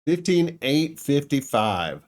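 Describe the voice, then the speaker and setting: Spokojny mężczyzna komentujący grę, wolne tempo. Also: male voice, a little high, sing-song, slow. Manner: musing aloud, thinking out loud with small laughs. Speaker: let's play gamer. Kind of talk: casual gameplay commentary.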